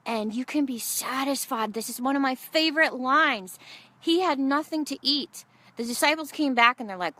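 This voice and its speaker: A woman's voice: high voice, moderate pace. A middle-aged woman preaching a sermon, telling funny stories and acting out the voices in them. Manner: animated storytelling, acts out quotes.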